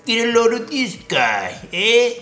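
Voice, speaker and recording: A man voicing a crew of gangster fat cells and their boss, in a mock Italian accent, wheedling and mock-tough with drawn-out "eh?"s. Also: extremely high pitch, wildly swooping pitch, pushed and bright, pitched above the performer's own voice, exaggerated voice.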